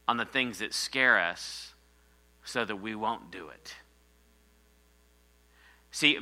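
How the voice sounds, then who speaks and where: A man preaching a sermon, swinging between loud rises and quiet drops and calling for amens. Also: mid-range voice. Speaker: pastor.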